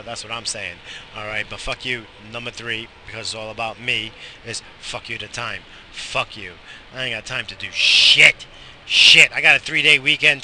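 A man in his thirties rambles to himself in a car, swearing freely and poking fun at himself. His voice is very bright and tense, pitched in the middle. A faint vehicle hum runs behind him. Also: poor audio. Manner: profane, rambling, self-mocking. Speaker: vlogger. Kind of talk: rambling casual monologue.

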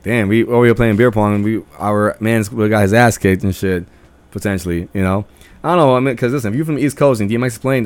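Profane young man telling stories. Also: lowish voice. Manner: profane, acts out friends' lines in a raised voice. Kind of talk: casual storytelling.

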